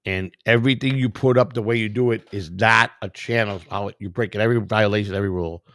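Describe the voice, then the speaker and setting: A man's voice: lowish voice, fairly even intonation, fast, fairly bright tone, dry recording. A tired man hosting a live stream, reading viewer comments and firing back at them in a combative, profane way. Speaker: livestream host.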